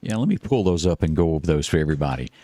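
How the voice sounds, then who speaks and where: A man's voice: a bass voice, very fast, no echo. A man with a Mississippi Southern accent hosting a morning show, chatting casually and reading weather and closings with many fillers and restarts. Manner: reads long lists in a steady, even run. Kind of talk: casual on-air chat and weather report.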